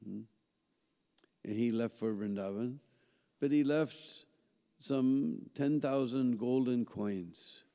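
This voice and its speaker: A man's voice: medium pitch, slow pace, long pauses, mellow. A man tells a story at a seminar, checking in with listeners by asking "hmm?" and "huh?" as he goes. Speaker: seminar speaker. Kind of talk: storytelling lecture. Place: temple hall. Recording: dull sound with long hall reverb.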